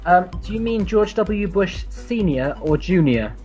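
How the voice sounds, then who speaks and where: A man's voice: high voice, animated, unhurried, a little mellow, soft background music, low-quality recording. A man hosting an online English conversation club, talking casually with many fillers and restarts. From New Zealand.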